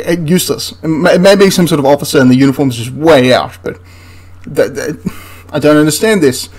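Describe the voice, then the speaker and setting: A man in a casual, sarcastic commentary, talking at his desk into a desktop mic. His voice sits a little on the high side, and he keeps breaking into incredulous laughter as he picks things apart. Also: a little fast, a little mellow. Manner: sarcastic and exasperated, laughs in disbelief. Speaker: history commentator reviewing a film. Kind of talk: casual commentary over film clips.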